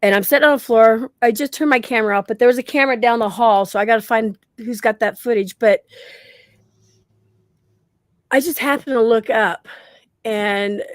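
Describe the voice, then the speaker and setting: Animated woman telling ghost stories. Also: a little high, no room sound, studio quality. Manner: animated, acts out quotes and laughs often. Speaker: guest paranormal researcher. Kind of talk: casual storytelling on a podcast.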